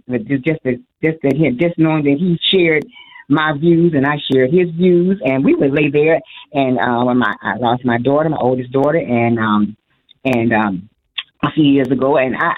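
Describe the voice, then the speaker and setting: An older woman from Illinois calling into a radio show, talking in an emotional, rambling way with many restarts. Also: extremely low pitch. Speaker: caller. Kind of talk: call-in radio conversation. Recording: phone line.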